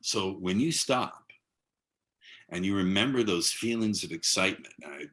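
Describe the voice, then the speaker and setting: A man in his sixties giving casual instruction as a dating coach from a side room at home, blunt and profane, slowing into a hypnotic cadence for his examples. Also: low-pitched, a bit bright. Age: 60s.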